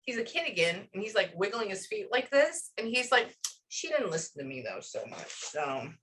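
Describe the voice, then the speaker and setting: A woman psychic medium talks through a reading, chatty and full of fillers. Her voice is bright and forceful, and she sits at a middle pitch. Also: normal speed, breathy edge. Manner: animated, relaying messages with many fillers. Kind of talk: emotional reading session.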